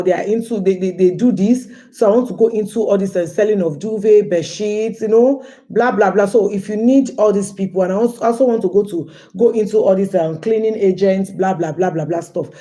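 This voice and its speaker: A woman's voice: medium pitch, fairly quick, mellow. A woman from Nigeria hosting a casual livestream, chatty and storytelling, often calling her viewers "guys" and repeating phrases. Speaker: livestream host.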